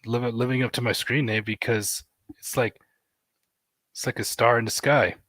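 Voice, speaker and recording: Calm soft-spoken guy chatting on a stream, dry mic sound. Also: mid-range voice, moderate pace, no room sound. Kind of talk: casual chat.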